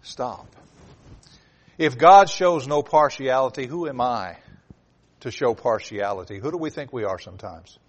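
A man's voice: mid-range voice, measured pace, pauses often, husky. A man preaching a sermon, driving home points with repetition and sudden swells of emphasis.

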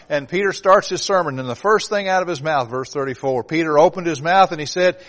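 A man's voice: fairly high pitch, fairly quick, hardly any pauses, fairly bright tone. A man preaching a sermon, driving home points with repetition and sudden swells of emphasis.

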